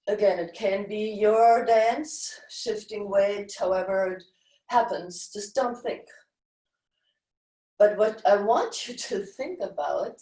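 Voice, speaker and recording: A woman teaching a live-streamed dance class, giving slow guiding cues and chanting rhythm syllables. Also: mid-range voice, darkish tone. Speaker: dance instructor. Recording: roomy echo, voice from far off the mic.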